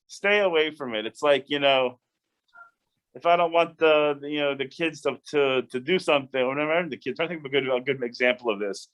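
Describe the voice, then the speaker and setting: A man, a rabbi, leading a casual Bible study, talking in an animated, chatty way with many restarts and asides. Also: on the high side, a little fast.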